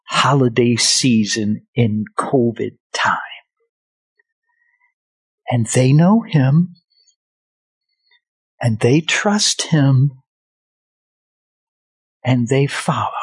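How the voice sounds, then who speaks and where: A man preaching a sermon with emphatic, deliberate delivery and swings in loudness. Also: medium pitch, husky, dry recording. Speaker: pastor.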